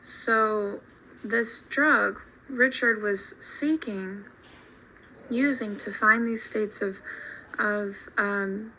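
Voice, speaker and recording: A woman teacher telling a story to her class in an animated, emphatic way. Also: mid-range voice, drawn-out words, a little hiss or hum, rough recording. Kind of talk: storytelling lesson.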